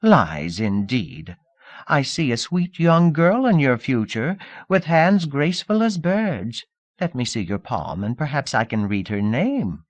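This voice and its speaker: A man's voice: mid-range voice, big pitch swings, a little slow, dry recording, pitched above the performer's own voice. A man voicing a sly old female fortune-teller with a coaxing, evasive patter.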